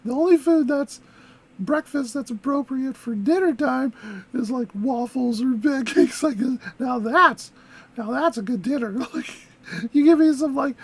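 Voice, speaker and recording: A woman's voice: sits high, unhurried, husky. A woman hosting a reaction video, chatting casually in a rambling, giggly way with lots of fillers. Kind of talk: casual chat.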